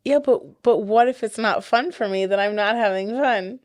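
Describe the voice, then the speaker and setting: A woman's voice: medium pitch, darkish tone, dry recording, studio quality. A woman chatting and teasing her partner as a podcast co-host, laughing often. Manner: giggly, teasing, quick to laugh. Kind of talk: casual couple chat.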